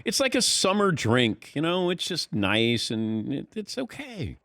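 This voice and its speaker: A man's voice: on the high side, wildly swooping pitch, a little slow, fairly bright tone, no room sound. A man hosting a sports talk show, chatting casually with his crew, upbeat and often laughing. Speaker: show host. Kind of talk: casual studio banter. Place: radio studio.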